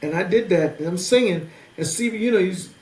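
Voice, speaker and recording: Older man, musician guest, vivid storyteller who does the voices; fairly high voice, echoey space. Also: brisk. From New Jersey. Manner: animated storyteller, acts out quoted voices. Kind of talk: interview storytelling. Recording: roomy with faint noise.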